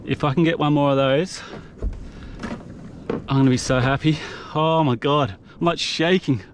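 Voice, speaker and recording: A man's voice: a little high, moderate pace, slight background noise. A young man, commentating his own kayak fishing live, exuberant and breathless, recorded outdoors on an action camera. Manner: exuberant, whooping, breathless excitement.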